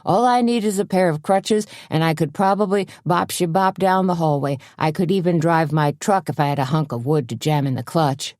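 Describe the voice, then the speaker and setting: A woman's voice: low voice, normal speed, hardly any pauses, darkish tone, dry recording, clean studio sound, natural voice. Woman voicing a goofy, slangy dim-witted man. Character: dim-witted drawling man with a broken leg.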